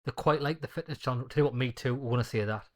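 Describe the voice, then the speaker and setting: A man's voice: mid-range voice, fast talker. A man commentating casually on a video game with crude, mocking asides. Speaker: gaming YouTuber commentator. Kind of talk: casual let's-play commentary.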